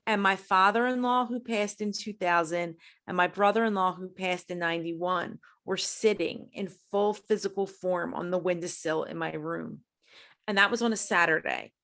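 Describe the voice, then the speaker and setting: A middle-aged woman appears as a podcast guest and recounts a personal story during an interview. She's high-strung and talks fast, and whenever she quotes herself or others, her pitch leaps dramatically as she acts out the voices.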